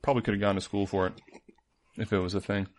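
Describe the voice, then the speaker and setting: A man's voice: on the low side, little pitch movement, quick pace, a little mellow. A man co-hosting a podcast, chatting casually and telling rambling, playful stories full of "like"s. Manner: rambling, playful storytelling with many "like"s. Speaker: podcast co-host. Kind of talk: casual chat.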